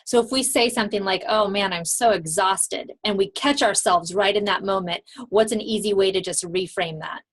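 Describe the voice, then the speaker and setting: A woman's voice: mid-range voice, a little fast, few pauses, breathy edge. A woman hosting an interview, giving brief affirmations and prompting questions. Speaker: host.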